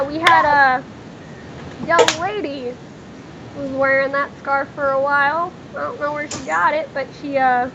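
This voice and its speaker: Woman voicing a gruff short shopkeeper. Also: high voice, lo-fi sound, background noise. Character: short fussy older male shopkeeper, gruff.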